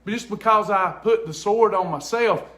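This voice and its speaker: High-voiced earnest man preaching. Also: moderate pace, crowd noise. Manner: earnest, emphatic, repeats himself. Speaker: host of a faith-based weight loss ministry. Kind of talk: casual preaching chat to camera. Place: at home indoors.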